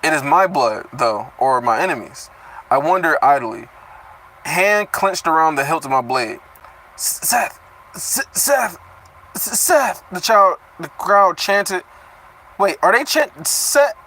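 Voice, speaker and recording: Animated young man riffing over a chapter. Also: a little high, a little slow, poor audio. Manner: animated, swears freely, breaks off reading to riff, stumbles over words. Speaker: reaction streamer reading a web novel aloud. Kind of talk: casual live reading with commentary.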